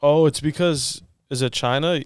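A man's voice: fairly high pitch, normal speed, clear, resonant tone, no room sound, clean studio sound. A man co-hosting a casual podcast, easygoing, trying to steer the talk back on track. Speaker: podcast co-host. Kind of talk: casual chat.

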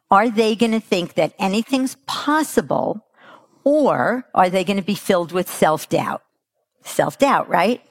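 A woman speaks slowly and emphatically at a parenting workshop and often turns to the audience with questions. Her voice has a gravelly edge. The sound is dry and close. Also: medium pitch, no room sound. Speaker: parenting coach. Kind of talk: workshop talk.

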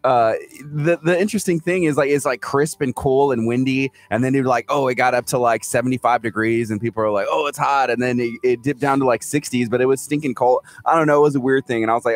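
A man's voice: medium pitch, fairly even intonation, a little fast, no echo. A man from Houston, co-hosting a morning show and telling stories animatedly, acting out the people he quotes. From Houston, Texas. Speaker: radio co-host. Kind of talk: casual morning show banter.

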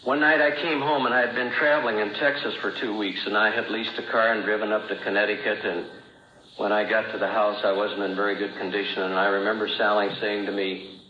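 A man's voice: level tone, fairly quick, slight background noise. A middle-aged man giving an earnest personal testimony as a recovery speaker, with a storytelling manner that rises and falls. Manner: earnest storytelling, rising and falling pitch. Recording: roomy, dull old recording.

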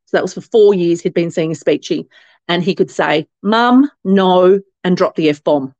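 A brisk Australian woman with a lowish voice, a company founder appearing as a guest on an interview podcast, tells chatty stories. She restarts often, fills pauses constantly, and animatedly quotes other people's voices. The recording has no echo but sounds muffled.

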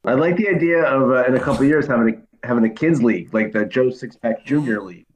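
A man in casual podcast chat, easygoing and quick to laugh. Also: mid-range voice.

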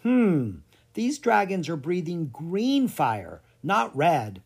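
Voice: mid-range voice, big pitch swings, slow, vocal fry, husky, pitched above the performer's own voice, full character voice. A reader voicing a curious young girl in a children's audiobook, speaking in a whisper.

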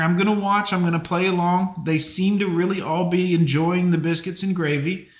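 A man's voice: high-pitched, fairly even intonation, moderate pace, echoey room. A man hosting a live stream, talking casually and rambling with plenty of fillers. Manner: chatty, rambling, lots of fillers. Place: home.

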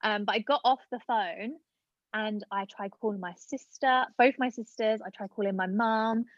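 A woman in her late twenties, appearing as a guest, recounts a personal story in relaxed chat full of fillers. She has a mid-range voice and a moderate pace, heard in dull audio without echo.

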